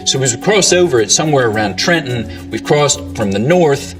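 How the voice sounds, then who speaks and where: A man presenting an educational tour of accents in scripted narration, pausing to demonstrate pronunciations. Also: medium pitch, animated, distant mic, music in the background. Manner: explanatory, demonstrates accent features.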